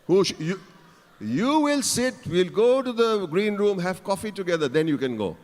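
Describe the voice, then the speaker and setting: Teasing his audience from a big conference hall stage, a man gives a playful keynote in a high-sitting, sing-song voice with a darkish tone and moderate pace. The room echoes noticeably.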